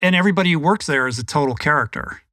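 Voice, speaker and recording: Man, podcast host, crisp bright tone, eager affirmations, dry sound. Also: on the high side, lively intonation, racing, no echo. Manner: enthusiastic, affirming interjections. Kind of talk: conversational interview.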